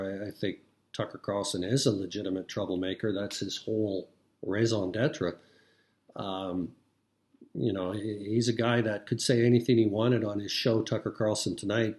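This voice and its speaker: A middle-aged man giving casual political commentary, rambling with frequent fillers and restarts. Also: fairly low pitch.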